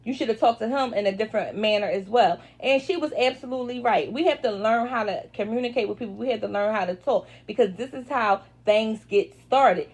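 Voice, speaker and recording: Woman, casual recap chat, opinionated, animated, a bit high-pitched. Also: fairly quick, hardly any pauses, husky. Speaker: reality TV recap vlogger.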